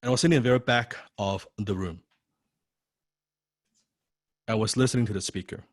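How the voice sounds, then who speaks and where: A man teaching a copywriting course, telling a personal story in an animated, profane way, often repeating words and tagging lines with "right?". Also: lowish voice, fairly quick, no room sound, clean studio sound. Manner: frequent rhetorical "right?". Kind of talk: personal story told in a lecture.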